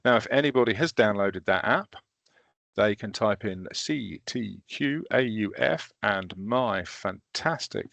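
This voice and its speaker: Guy running a software demo for teachers, gravelly voice, chatty and a bit self-mocking, dry close sound. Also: lowish voice, lively intonation, a little slow, no echo. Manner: casual, chatty, self-deprecating while demonstrating step by step. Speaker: trainer demonstrating teaching software. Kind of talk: recorded online training session.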